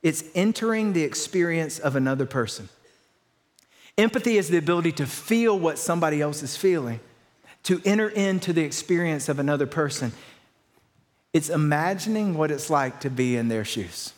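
A man's voice: fairly high pitch, lively intonation, normal speed. A man preaching a sermon as pastor, speaking in a casual, conversational way and dropping in slang asides.

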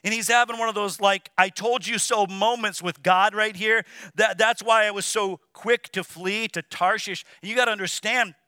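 Bright, animated male preacher. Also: high voice, moderate pace, few pauses, smooth, no echo, clean studio sound. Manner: animated preaching with quoted asides. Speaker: pastor. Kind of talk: sermon. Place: church.

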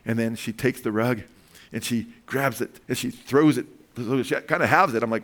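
A man's voice: mid-range voice, fairly even intonation, brisk, a bit bright. An older man, a pastor, preaching a sermon built around family stories, chuckling often and calling out for amens. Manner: calls out for amens from the congregation. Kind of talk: sermon with personal anecdotes.

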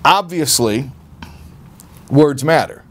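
A man teaching an informal class in a relaxed, conversational way, often repeating words as he searches for his phrasing and acting out the voices he quotes. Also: on the high side, slow. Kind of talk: informal Torah class talk.

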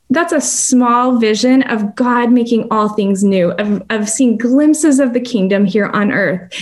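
Earnest woman sharing a testimony. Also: medium pitch. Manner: earnest, reflective, acts out quoted voices. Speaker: guest. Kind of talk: personal testimony in conversation.

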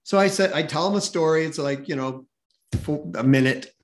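Animated storyteller, a man with higher pitch. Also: brisk. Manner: lively, acts out quoted voices, chuckles while telling. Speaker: podcast guest, sales expert.

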